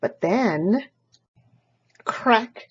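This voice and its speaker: A woman reads a children's picture book aloud slowly and expressively, her pitch swinging in lively ways. Her voice is mellow and a little husky, and the recording sounds dull and lo-fi.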